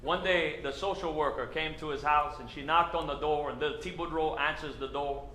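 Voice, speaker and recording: A man's voice: a little high, fairly even intonation, fairly quick, bright, forceful tone, echoey room, a little hiss or hum. A man with a Cajun accent telling folksy stand-up stories to a live audience. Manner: folksy, conversational storytelling. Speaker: comedian.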